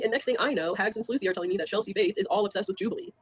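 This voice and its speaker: A young woman on a casual livestream, talking fast with lots of fillers, scornful and laughing between jabs at people. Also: medium pitch, slight background noise.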